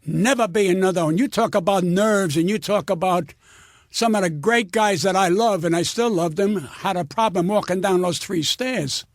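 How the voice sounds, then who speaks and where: A man's voice: sits high, normal speed, no room sound, clean studio sound. An older man, a comedian, telling blunt, profane stories in an interview with heated conviction. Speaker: guest comedian. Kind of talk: storytelling interview.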